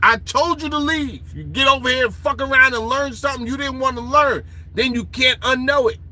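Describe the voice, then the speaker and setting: Confrontational man ranting to listeners, bright sharp voice, husky, high. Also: fairly quick, rough recording. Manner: confrontational, taunting, quizzes listeners. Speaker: online lecturer. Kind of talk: profane ranting lecture.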